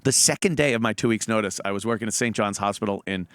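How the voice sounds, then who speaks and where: A man's voice: fairly low pitch, fast, clean tone, no echo. A middle-aged man telling profane stories in a casual chat, acting out the quotes in them. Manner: profane, animated, acts out quotes. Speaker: comedian guest telling stories.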